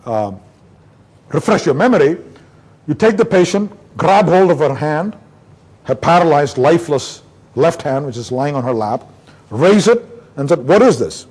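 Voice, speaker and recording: Guy from india lecturing at a conference, kinda husky voice, pitch swings all over the place as he tells patient stories. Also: a little slow, pauses often. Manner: animated storyteller, acts out doctor-patient dialogue. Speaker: neurologist giving a lecture. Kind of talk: conference lecture with case anecdotes.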